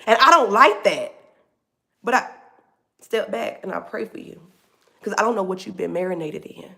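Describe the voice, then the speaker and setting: A woman's voice: mid-range voice, animated, normal speed, creaky, pauses often, sharp tone. A woman hosting a faith talk livestream, preaching casually and animatedly, calling her listeners "baby".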